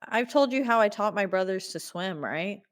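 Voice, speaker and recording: A woman's voice: medium pitch, expressive, normal speed. A woman in her thirties from Texas, co-hosting a podcast and recapping a film in casual, chatty talk with lots of fillers and laughs. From Texas, United States. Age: 30s. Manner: chatty, laughs often, storytelling with many fillers. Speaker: podcast co-host.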